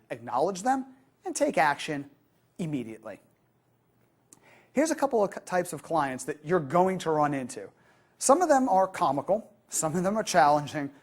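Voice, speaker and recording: A woman delivers a customer-service training lecture in a lively, animated way. Her voice sits on the low side and has a husky edge. She slips into the voices of the customers she quotes.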